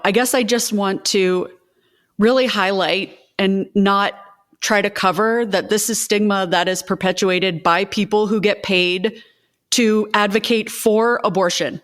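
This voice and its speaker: A woman's voice: mid-range voice, measured pace, fairly bright tone. A woman who co-founded an advocacy group, speaking with passion in a panel conversation, in bursts with many restarts.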